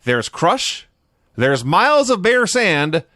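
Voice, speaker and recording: A man's voice: high voice, big pitch swings, takes it slowly, bright, forceful tone, dry recording. Wry podcast guy recapping. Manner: dry, wry storytelling, laughs often. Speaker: podcast co-host. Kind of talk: casual chat recapping shows.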